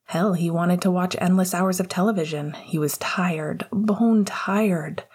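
A woman narrates a story in a soft, hushed whisper, slow and even. Her voice is low, warm and breathy, close and intimate. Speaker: audiobook reader.

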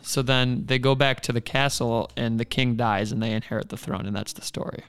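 A man's voice: mid-range voice, steady tone, brisk, a bit bright, clean tone, soft background music. A man co-hosting a podcast, retelling a folk tale in a laid-back, rambling casual way. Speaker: podcast co-host. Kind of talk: casual storytelling.

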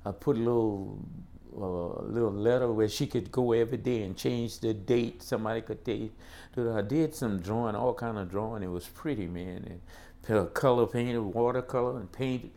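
An older man from the South, recounting school memories as an animated storyteller who keeps saying "boy" and "man". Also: lowish voice, moderate pace, hardly any pauses. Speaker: interviewee recalling school days. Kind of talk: casual storytelling interview.

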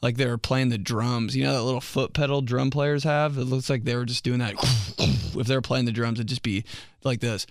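A young man hosting a solo comedy podcast, rambling and swearing casually and jumping into high mock voices for jokes. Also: steady tone, fairly quick, faint music behind. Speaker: podcast host.

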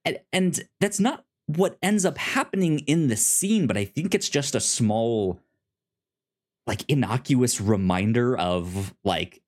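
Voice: mid-range voice, lively intonation, slow, a little mellow. Podcast co-host, casual chat, rambling, lots of fillers and restarts. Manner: rambling, full of fillers and restarts, acts out quotes in silly voices. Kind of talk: casual chat about a TV episode.

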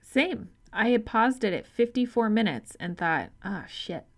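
A woman co-hosting a casual film podcast, trading quick, profane reactions and laughing easily. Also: fairly high pitch, animated. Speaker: podcast co-host. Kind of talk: casual film-review chat.

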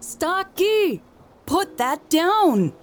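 A woman's voice: mid-range voice, big pitch swings, measured pace, dark tone, husky, soft background music, voice pushed up, full character voice. A woman reading an audiobook and voicing Elle, a playful adult woman who teases and scolds a dog. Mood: scolding. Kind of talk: audiobook character voice.

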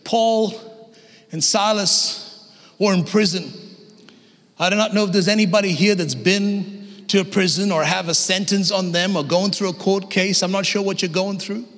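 An energetic Australian pastor with a high voice and a gravelly edge. He preaches with humor and rising shouts. His voice carries a long reverb from a church hall. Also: moderate pace. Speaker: guest pastor. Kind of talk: lively sermon.

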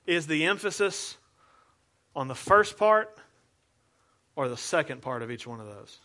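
A man's voice: on the high side, lively intonation, a little slow, pauses often, pushed and bright. A male pastor preaching a sermon in an earnest, conversational way, asking the congregation rhetorical questions.

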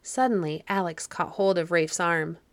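A woman narrating a children's fairy story audiobook in a calm, measured way. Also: on the low side, dry recording.

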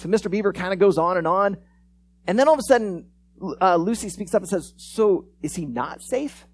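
A conversational preacher in mid-sermon who retells stories with lively swings between loud, eager bursts and low, quiet phrases. The voice sits at an ordinary middle pitch. A faint noise runs underneath the recording. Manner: animated storyteller, acts out quoted lines; conversational, frequent restarts and "like". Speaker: pastor. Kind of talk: sermon with storytelling.

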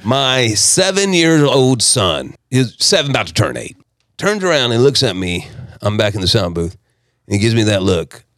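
A man from South Texas, telling his personal story as a podcast guest in an emphatic, animated way. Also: mid-range voice, moderate pace, dry recording, clean studio sound.

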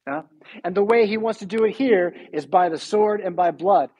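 A man's voice: sits high, normal speed, a little mellow, low-quality recording. A man preaching a sermon as pastor, emphatic and full of rhetorical questions.

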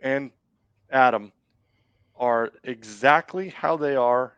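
A man's voice: mid-range voice, slow, fairly bright tone, smooth, dry recording, dull audio. A man from the United States as a podcast guest, talking in a laid-back, enthusiastic way and swearing casually. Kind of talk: casual chat.

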